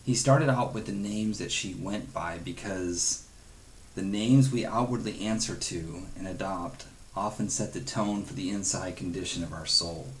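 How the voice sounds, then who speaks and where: A man with a fairly low voice teaches a devotional Bible study. His delivery is earnest and conversational, loosened with chuckles and playful quoted asides. A faint hiss sits under the recording. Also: measured pace.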